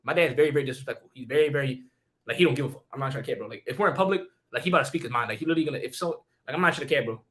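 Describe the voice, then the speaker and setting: Speaking very fast at breakneck speed, a young man on a stream tells a story in a bright, sharp, medium-pitched voice. He uses profane slang and keeps repeating himself and restarting lines.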